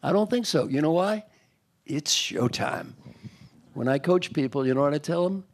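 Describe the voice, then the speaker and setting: Gravelly older man, playful panel talk. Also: animated, moderate pace. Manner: playful storyteller, mocks whining in a high squeaky voice. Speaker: executive coach.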